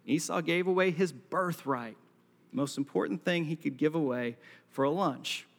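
A pastor preaches a sermon to a live congregation in a large hall, telling the story with acted-out lines and jokey asides. His voice is on the high side and gravelly, at a moderate pace, with long hall reverb.

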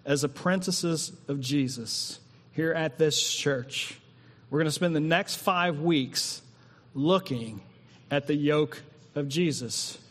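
A man preaching as a pastor, then slowing into an unhurried prayer with long pauses. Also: a little high. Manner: slow, drawn-out reading and prayer with long pauses. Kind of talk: sermon. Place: church hall. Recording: long hall reverb.

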